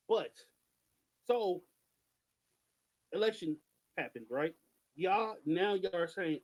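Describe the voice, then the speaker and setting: Animated, high-voiced podcast co-host man. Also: takes it slowly, long pauses, poor audio. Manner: animated, emphatic, rhetorical questions. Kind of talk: passionate political commentary.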